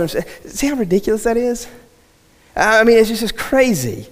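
A man's voice: high-pitched, big pitch swings, moderate pace. A man preaching a sermon in a church, telling a story in a conversational way, repeating words and then building to emphatic preaching. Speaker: pastor and worship leader. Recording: long hall reverb.

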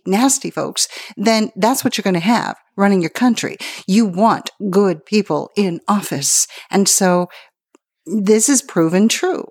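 A woman co-hosting a casual political talk show who tells personal stories in an animated way, laughing easily. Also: mid-range voice, unhurried, no room sound, studio quality. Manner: animated storytelling, acts out quotes. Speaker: podcast co-host.

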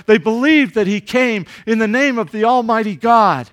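A man's voice: high-pitched, moderate pace. A man preaching a sermon as pastor, earnest and emphatic, asking his listeners rhetorical questions and repeating words as he speaks off the cuff.

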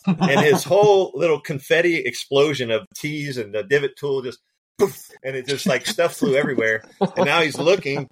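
A man tells stories from the course in a casual podcast chat, full of laughs and acted-out voices. His delivery is animated and conversational, the voice of a caddie spinning a yarn. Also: fairly high pitch, moderate pace. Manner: animated, laughs often, acts out quoted voices. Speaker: golf caddie and podcast guest. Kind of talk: casual storytelling.

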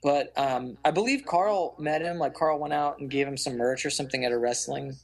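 A man's voice: mid-range voice, fairly quick. A man in his thirties, a guest on a casual podcast interview, talking hesitantly with frequent stammered restarts. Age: 30s. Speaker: podcast guest, band guitarist.

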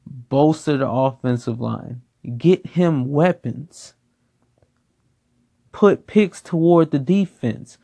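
A man's voice: mid-range voice, takes it slowly, creaky, mellow. A man giving a casual football opinion rant, blunt and profane, repeating himself for emphasis. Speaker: sports commentator.

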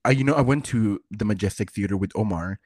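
A man's voice: on the low side, quick pace, slightly rough, no room sound. A tipsy man co-hosting a podcast, telling stories with lots of "like," swearing and giggles. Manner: animated storyteller, frequent "like" and swearing, giggly. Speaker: podcast co-host. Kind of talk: casual chat.

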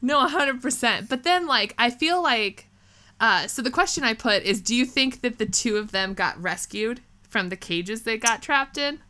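A woman co-hosting a casual chat, animated and acting out lines from scenes she retells. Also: on the high side, normal speed. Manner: animated, acts out quotes from scenes.

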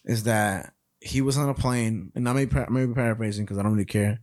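In a lowish voice at a quick pace, a young man co-hosting a podcast tells animated stories that wander and swear freely. It is a casual, studio-quality recording with no echo.

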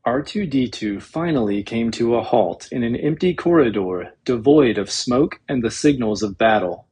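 A man reading a novel aloud as an audiobook narrator, in a measured, dramatic storytelling manner with a husky voice. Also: mid-range voice, animated, a little mellow.

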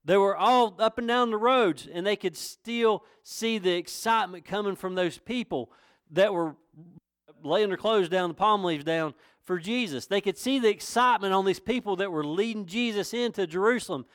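A man's voice: high voice, normal speed, clear, resonant tone, no echo, clean studio sound. A man pastor from North Carolina with a Southern accent, preaching a sermon in a folksy, conversational way that rises to emphatic questions. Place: church.

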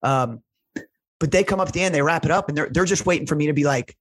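A man's voice: fairly high pitch, quick pace, fairly bright tone, no echo. A man, a strength coach, telling stories in casual conversation, rambling with lots of "like" and "right?", earnest and emotional. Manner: rambling, heavy use of "like" and "right?".

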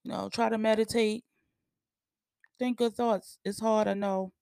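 Woman, blunt profane rant, animated, dry close sound. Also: mid-range voice, a little slow, vocal fry, clear, resonant tone, no room sound. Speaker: podcast host. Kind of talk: casual opinion rant.

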